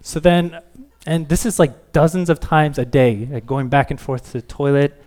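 This pastor, a man in his thirties, delivers his sermon at normal speed in a level, slightly high and somewhat mellow voice. His talk is frank and self-deprecating, sprinkled with quotes he acts out playfully.

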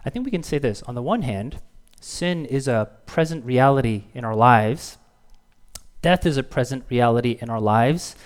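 A man's voice: medium pitch, expressive, normal speed. A man in his thirties, a pastor giving a sermon in an easygoing storytelling way, with fillers and chuckles. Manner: casual storytelling with fillers and laughs.

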